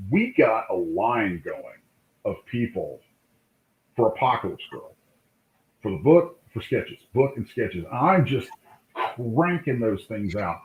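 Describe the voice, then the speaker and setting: A man, a comic book artist, telling lively anecdotes in a casual interview, acting out the voices of people in his stories. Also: fairly low pitch. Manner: animated anecdote-telling, acts out quoted voices. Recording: tinny call line in an echoey room.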